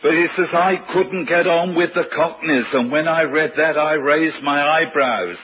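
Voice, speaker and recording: A man's voice: a little high, measured pace, lo-fi sound, slight background noise. A man from preaching a sermon, asking rhetorical questions and rising to emphatic peaks. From London.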